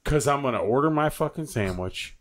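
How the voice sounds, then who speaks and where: A man's voice: mid-range voice, expressive, fairly quick. A man co-hosting a podcast in a studio, ranting crudely and heatedly with constant swearing. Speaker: podcast co-host. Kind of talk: casual chat, ranting.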